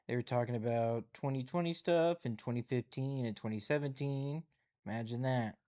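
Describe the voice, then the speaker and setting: A man's voice: mid-range voice, moderate pace, warm tone. A man hosting a casual live stream with a mid-range voice. He rambles through headlines, reading them aloud and musing on each one in an easygoing, conversational way.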